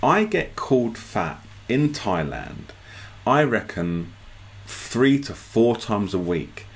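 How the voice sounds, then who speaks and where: Man, gravelly voice, animated pitch, casual storytelling, amused. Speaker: vlogger.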